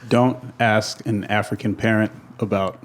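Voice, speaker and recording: A man in his thirties co-hosting a podcast, laid-back in casual chat with quick interjections. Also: on the low side, steady tone. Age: 30s.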